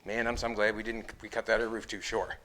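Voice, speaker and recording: A man's voice: lowish voice, level tone, a little fast, noisy background. A Canadian man hosting a car-building show, chatting and explaining each step of his metalwork as he goes. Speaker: metal fabricator and show host. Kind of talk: hands-on build commentary. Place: car workshop.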